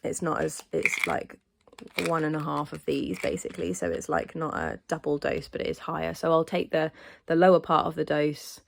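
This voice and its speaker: A woman's voice: low-pitched, normal speed, gravelly. A woman rambling in a casual vlog chat, stuffy-nosed from hay fever, with frequent ums and restarts. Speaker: vlogger.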